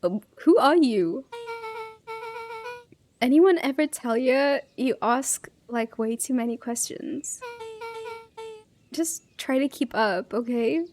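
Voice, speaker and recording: A woman voicing a pushy teenage girl with a Valley Girl accent who fires off quick questions. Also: on the high side, lively intonation, darkish tone, slight background noise.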